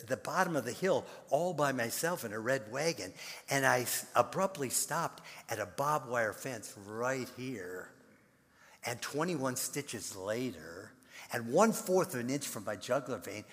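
An older man preaching a sermon in an animated storytelling manner, repeating words and breaking into sudden loud bursts. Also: medium pitch, long reverb tail. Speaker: pastor.

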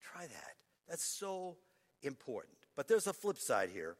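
A male pastor preaching a sermon, earnest, repeating his phrases and swinging from loud to hushed. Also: medium pitch, wildly swooping pitch, unhurried. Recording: long reverb of a large hall.

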